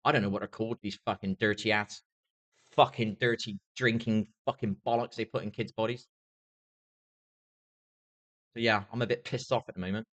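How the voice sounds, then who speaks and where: A man's voice: fairly low pitch, steady tone, moderate pace, long pauses, a bit bright. A young man livestreaming an angry, swear-filled rant, often asking "do you know what I mean". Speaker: streamer.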